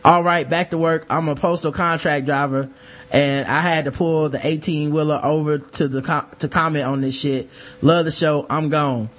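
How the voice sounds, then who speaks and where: A man's voice: on the high side, normal speed. A man co-hosting a podcast in casual, profane chat, reading listener mail and acting out the people he quotes. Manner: profane, animated, acts out quoted voices. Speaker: podcast co-host.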